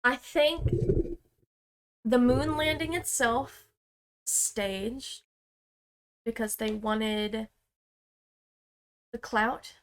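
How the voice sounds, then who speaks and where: Young woman co-host, talks real slow, smooth clear voice, lots of ums. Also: fairly high pitch, steady tone. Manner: slow, hesitant, uses slang and fillers. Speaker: podcast co-host. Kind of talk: casual podcast chat.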